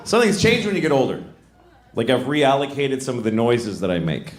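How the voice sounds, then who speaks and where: A middle-aged man doing live stand-up, telling stories deadpan and jumping into high-pitched voices. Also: fairly quick. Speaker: stand-up comedian. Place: comedy club stage. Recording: echoey club with crowd noise.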